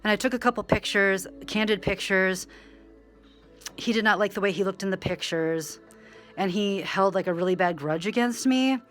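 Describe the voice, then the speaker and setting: A woman vlogging in a rambling monologue, full of "like" and side tracks, swinging between loud animated bursts and quiet asides. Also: medium pitch, normal speed, soft background music. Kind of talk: rambling direct-to-camera monologue.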